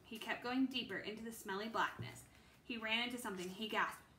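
Woman reading a kids' book, steady storyteller, bright, slightly high, roomy recording. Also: brisk, slight background noise. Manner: steady storytelling with small slips. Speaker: reader. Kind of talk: children's book read-aloud. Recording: roomy with faint ambience.

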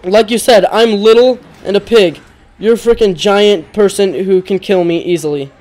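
Panicky young man with a high voice. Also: normal speed, darkish tone. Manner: panicky, yelps and repeats himself when scared. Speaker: gamer. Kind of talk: horror game commentary.

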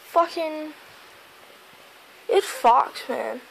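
A woman's voice: high voice, extremely slow, creaky, slight background noise, rough recording. A woman vlogging from home by a window, sleepy and grumbling, swearing in nearly every sentence. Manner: swears constantly, drowsy and grumbling. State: sleepy, just woke up. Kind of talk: casual rambling vlog.

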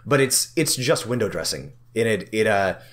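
A man's voice: lowish voice, lively intonation, normal speed, a bit bright. A man co-hosting a podcast about tabletop games, chatting casually, laughing often and restarting his sentences. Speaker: podcast co-host. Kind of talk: casual chat.

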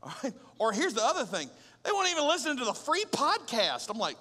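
A man preaching a sermon as pastor, conversational and animated, with rhetorical questions and humor. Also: very high-pitched, brisk. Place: large church auditorium. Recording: long hall reverb.

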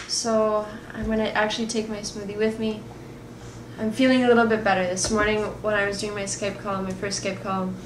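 A woman with a raspy voice, chatting candidly to her viewers in a casual video diary. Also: mid-range voice, reverberant, background noise. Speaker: vlogger.

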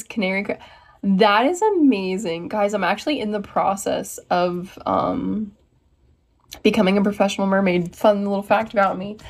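Brief: young American woman, bubbly livestream host, mid-pitched voice, chats with her viewers. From United States. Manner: bubbly, reads viewer comments aloud and answers them. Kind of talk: casual livestream chat.

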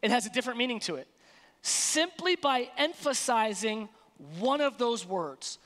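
Woman pastor, emphatic folksy sermon, lively pitch, church-hall echo. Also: normal speed. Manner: emphatic, colloquial preaching. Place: church sanctuary.

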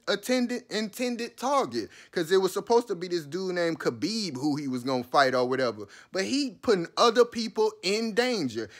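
A man's voice: sits high, a bit bright. A man giving a heated, profane and sarcastic commentary, talking straight to his listeners. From New Orleans, USA. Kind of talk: ranting commentary.

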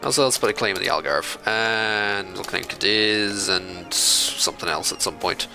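Sharp-toned man narrating his gameplay. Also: lowish voice, normal speed, creaky, soft background music, poor audio. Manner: chatty, scolding the computer opponents in mock outrage. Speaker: video game let's-play host. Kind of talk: casual gameplay commentary.

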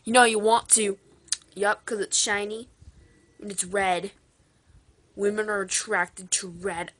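A woman's voice: medium pitch, steady tone, a little slow, a bit bright. A teenage girl chatting playfully and rambling through a toy skit outro in a put-on accent. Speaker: toy skit video maker. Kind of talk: casual playful outro chat.

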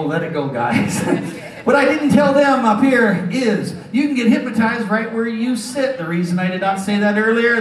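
High-voiced guy hollering at a crowd, echoey casino showroom, mic far off. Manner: brash, teasing, loud crowd banter. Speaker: stage hypnotist. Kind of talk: live stage comedy show. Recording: roomy hall recorded from afar, audience. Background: audience laughing.

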